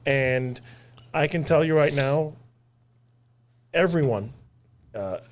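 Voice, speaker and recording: A man's voice: a little high, lively intonation, slow. A man from Puerto Rico, a guest commentator in a casual political podcast chat, talking emphatically and repeating words as he builds up.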